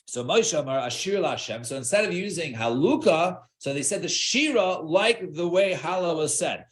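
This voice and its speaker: A man leads a Talmud study class in a high voice that rises and falls freely. He stops and restarts his sentences, checks in with "right?", and mixes Hebrew and Aramaic phrases into his English explanations. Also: lively intonation. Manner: halting, many restarts and fillers, checks with "right?".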